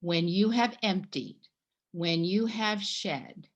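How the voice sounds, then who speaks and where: Animated middle-aged woman telling a story. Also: fairly low pitch, takes it slowly, lo-fi sound. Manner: animated storyteller, acts out her own past dialogue. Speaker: guest. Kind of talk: personal storytelling in a conversation.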